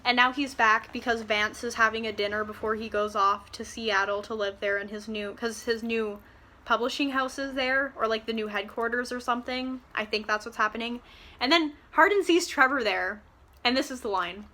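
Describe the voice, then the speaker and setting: A woman rants through a book review in a sarcastic, exasperated tone. Her voice is bright and sits fairly high. She swears casually and keeps up a fast, chatty flow. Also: fairly even intonation, a little hiss or hum.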